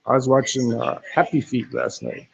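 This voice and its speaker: A man's voice: medium pitch, little pitch movement, moderate pace, gravelly, breathy edge, muffled recording. A man doing a casual live-stream walkaround of a hostel, talking into his phone. He is laid-back, swears often and keeps saying "man". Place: hostel in Thailand. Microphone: phone camera.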